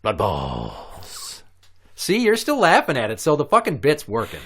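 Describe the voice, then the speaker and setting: A man hosting a comedy podcast, joking loudly and crudely, one moment booming like an announcer and the next mumbling. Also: wildly swooping pitch, brisk, very noisy. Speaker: podcast host.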